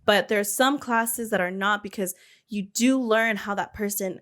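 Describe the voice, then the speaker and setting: A woman's voice: mid-range voice, unhurried, fairly bright tone. A young woman co-hosting a casual chat, talking loosely with many fillers and restarts. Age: young adult. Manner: chatty, lots of "like" and restarts. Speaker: podcast co-host.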